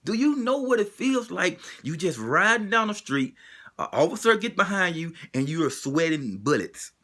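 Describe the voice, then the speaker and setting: A man speaks in an emotional, preacher-like cadence, hammering the same pointed question over and over. His voice sits fairly high, with a bright, forceful edge, and swings widely up and down. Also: big pitch swings, moderate pace. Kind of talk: impassioned spoken monologue.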